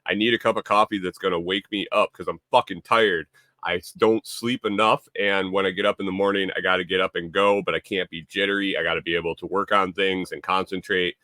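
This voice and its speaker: A man's voice: low-pitched, little pitch movement, fairly quick, sharp tone, no echo, studio quality. A man hosting a casual live stream, rambling and repeating himself, reading viewer comments aloud. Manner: reads viewer chat aloud. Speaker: livestream host.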